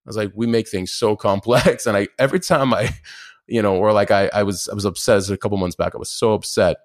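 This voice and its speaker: A man talking as a podcast guest, animated, acting out his inner dialogue. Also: on the low side, fairly quick, dry recording, studio quality. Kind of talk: casual conversation.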